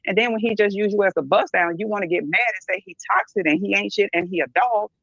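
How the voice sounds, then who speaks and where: A woman's voice: medium pitch, fast talker, creaky, fairly bright tone, no echo. Blunt middle-aged woman, dull dry recording. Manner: blunt, emphatic, keeps asking "right?". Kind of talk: candid podcast discussion.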